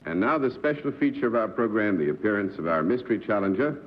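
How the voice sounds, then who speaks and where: A man's voice: lowish voice, animated, fast talker. A man hosting a live TV game show, formal and genial. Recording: dull old TV broadcast with faint hiss.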